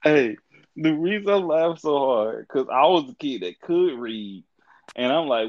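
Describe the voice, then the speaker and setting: A man hosting a casual podcast, telling stories in a profane, animated way with frequent laughter. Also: medium pitch, measured pace, dull audio. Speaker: podcast host.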